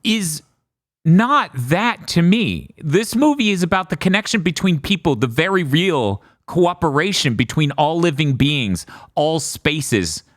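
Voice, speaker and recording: A man's voice: on the high side, very animated, a little slow, no echo, clean studio sound. A man co-hosting a casual podcast review, rambling and laughing often. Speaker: podcast co-host.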